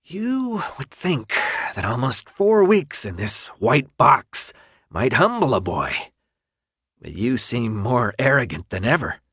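A man voicing a cold, volatile older official who speaks in a clipped way and swings between quiet menace and shouting. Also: medium pitch, big pitch swings, slow pace, breathy edge, no echo, studio quality, full character voice. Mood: stern.

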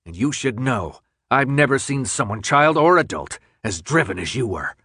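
A man's voice: mid-range voice, sing-song, moderate pace, pushed and bright, breathy edge, no room sound, heavily acted. A man voicing a cold, scheming male official in a dry audiobook read, clipped and commanding. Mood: level.

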